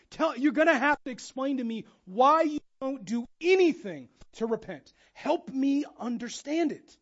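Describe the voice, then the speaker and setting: Pastor, man, high voice, conversational sermon, dull recording; hushed to urgent. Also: expressive, unhurried, few pauses. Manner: conversational, acts out quoted voices, swings from hushed to loud and urgent.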